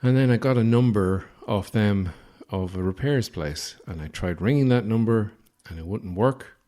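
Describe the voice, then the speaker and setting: A man's voice: on the low side, moderate pace, dark tone. An Irish man hosting a podcast, telling a comic story in a rambling, self-deprecating, crude manner. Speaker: podcast host.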